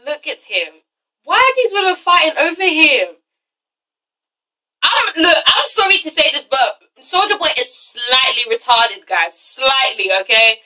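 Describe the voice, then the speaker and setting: Bright, animated woman vlogger. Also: high voice, measured pace, recorded from a distance, low-quality recording. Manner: animated, blunt, swears freely. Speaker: vlog host reviewing a reality TV show. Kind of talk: casual chat review.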